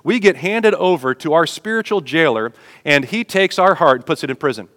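A man preaching a sermon as pastor in a church, speaking to his congregation in a conversational way and swelling louder on key points. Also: a little high, expressive, a little fast, long reverb tail.

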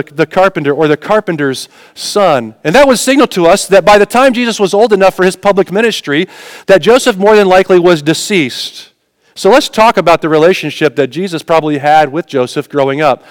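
A man's voice: high voice, clear, resonant tone, no echo, long reverb tail. A man preaching a sermon in a conversational way, telling personal stories and asking the congregation questions. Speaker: pastor.

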